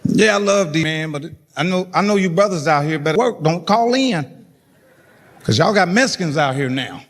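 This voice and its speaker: A man's voice: a little high, expressive, moderate pace. A middle-aged man telling profane stand-up stories and acting out the voices of people in them. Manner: profane storytelling, acts out voices. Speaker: stand-up comedian. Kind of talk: stand-up comedy set. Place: comedy stage before a laughing audience. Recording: live hall reverb, faint noise.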